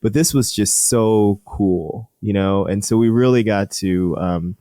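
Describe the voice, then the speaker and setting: A man's voice: on the low side, dark tone, no echo, clean studio sound. A middle-aged man, a urologist guest, telling stories in casual interview chat with frequent restarts. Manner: enthusiastic storyteller, laughs often, halting restarts.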